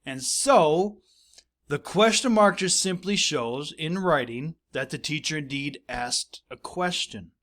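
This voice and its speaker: A man's voice: a little high, animated, takes it slowly, fairly bright tone. A male teacher giving a recorded grammar lesson, explaining patiently, repeating his points and reading example sentences aloud.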